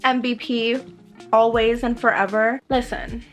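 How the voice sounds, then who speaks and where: A woman's voice: on the high side, flat delivery, measured pace, soft background music. Exasperated young woman ranting about a book. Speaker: book vlogger. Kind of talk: casual reading vlog reactions.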